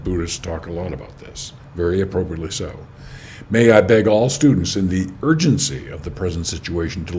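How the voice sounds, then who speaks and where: Deep-voiced man giving calm spiritual teaching. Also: slight background noise. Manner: unhurried, emphatic, frequent "okay?" checks with listener. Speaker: host of a spiritual teaching channel. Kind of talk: reflective spoken commentary on quoted teachings.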